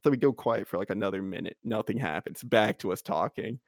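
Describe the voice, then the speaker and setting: A young man spins a rambling, laugh-filled anecdote with a gravelly, creaky edge to his voice. He talks loosely and piles up filler words. The sound is close and dry, with no room around it. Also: on the low side, fairly quick, dry recording. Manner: rambling, full of "like", breaks into laughter. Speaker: podcast co-host. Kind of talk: casual storytelling chat.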